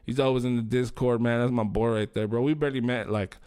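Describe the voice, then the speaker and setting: A man's voice: mid-range voice, steady tone, quick pace, mellow, clear, resonant tone. A man hosting a livestream, chatting casually slang, swearing and rambling. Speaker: livestream host.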